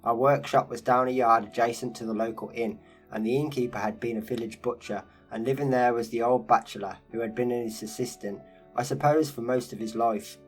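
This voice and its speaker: A man giving a measured, unhurried narration of a first-person life story. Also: medium pitch, fairly even intonation, soft background music, poor audio. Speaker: narrator reading a first-person memoir interview. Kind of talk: scripted narration.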